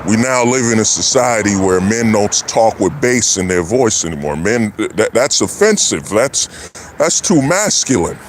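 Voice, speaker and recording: A man's voice: on the low side, sing-song, moderate pace, slight background noise. A man hosting a livestream, giving a preachy, repetitive casual monologue. He keeps asking his listeners whether they follow him. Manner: preachy, repetitive, keeps asking "you know what I'm saying". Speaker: livestream host.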